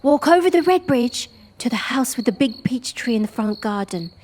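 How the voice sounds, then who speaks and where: A woman's voice: a little high, animated, moderate pace, a little mellow, a little hiss or hum, voice pushed up, natural voice. A woman voicing a frantic, caring older woman who gives urgent, breathless, whispered orders. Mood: hushed urgent.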